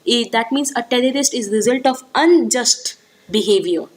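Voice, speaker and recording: A woman's voice: a little high, moderate pace, rough recording. Indian woman lecturing, repeating key points. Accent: Indian English. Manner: explanatory, repeats key points, frequent fillers. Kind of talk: exam-prep lecture.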